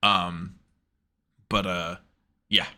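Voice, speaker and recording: A man co-hosting a casual wrestling podcast on a headset, swearing freely and often laughing as he acts out quotes in a higher voice. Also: little pitch movement, drawn-out words, pushed and bright. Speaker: podcast co-host. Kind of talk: casual chat.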